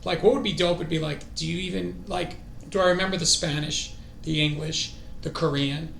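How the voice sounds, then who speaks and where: A man streaming his own language study, excitable and thinking aloud as he goes. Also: a little high, normal speed, gravelly, echoey room, slight background noise. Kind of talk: casual self-study stream.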